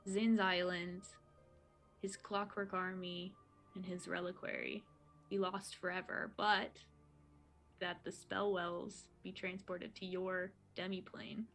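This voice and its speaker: A woman's voice: on the low side, level tone, takes it slowly, a bit bright, faint music behind, low-quality recording. A woman playing a tabletop game, thinking aloud as she plans her character's move. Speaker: player. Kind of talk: casual tabletop play.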